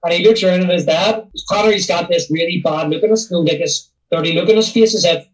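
A man co-hosting a casual movie podcast, talking in a halting way with many fillers. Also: high-pitched, far from the mic, poor audio. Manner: hesitant, lots of ums and restarts. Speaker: podcast co-host. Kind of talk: casual film review chat.

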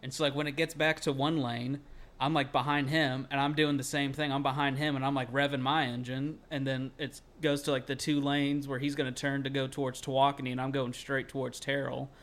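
A young man rambles through a story on a casual podcast. He leans on "like" constantly and swears without a thought. His voice sits at an ordinary middle pitch. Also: level tone, fairly quick. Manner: rambling, heavy on filler "like", swears freely, shouts when quoting himself. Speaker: podcast co-host.

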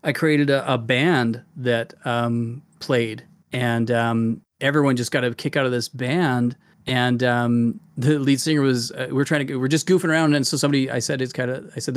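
A man's voice: mid-range voice, fairly even intonation, moderate pace, hardly any pauses, no room sound, clean studio sound. A man co-hosting a casual podcast chat about tabletop gaming, talking with enthusiasm and rambling through many restarts. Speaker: podcast co-host.

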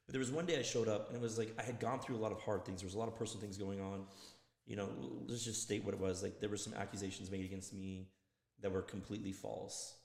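A man co-hosting a casual podcast chat, telling stories in a loose, profane, animated way. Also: lowish voice, quick pace. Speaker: podcast co-host. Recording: echoey room with long reverb.

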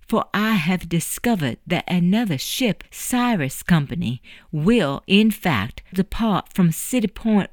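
A woman reads as a young woman of the 1820s writing a tender farewell, her voice low and dry in a close, deadened room. She speaks in formal, measured phrases, slow and careful, as in a storybook. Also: darkish tone, no room sound. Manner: formal, measured letter-reading. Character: young woman, formal, grateful, newly freed.

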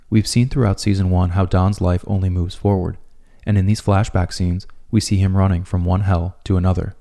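A man narrating a scripted video essay in a calm, measured way. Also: low voice.

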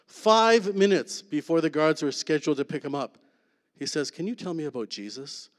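A man giving a sermon testimony, emphatic, then dropping to a hush on key lines. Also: fairly high pitch, expressive, normal speed. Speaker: preacher sharing testimony. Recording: long hall reverb.

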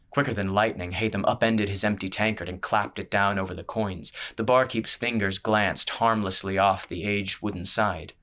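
A man narrating a scripted audiobook in a measured, steady storytelling manner. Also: on the low side.

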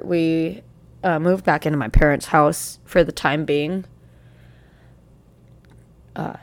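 Young woman, low voice, halting, emotional, close to tears, full of restarts. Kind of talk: personal storytelling.

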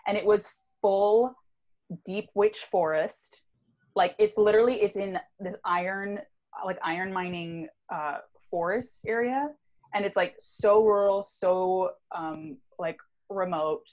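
A woman with a voice of middle pitch co-hosts a podcast. Her talk is relaxed and chatty, packed with fillers, and she laughs easily. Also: slow. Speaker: podcast co-host. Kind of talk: casual chat.

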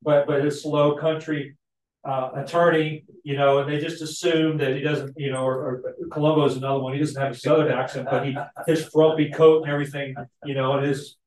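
A man teaching a Sunday school class in a conversational way, often checking in with the group with tag questions and lively asides. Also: fairly high pitch, brisk. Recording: echoey room, mic at a distance.

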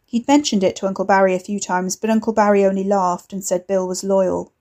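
A woman reading a story aloud in measured, wry scripted narration. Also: medium pitch, steady tone, a little mellow.

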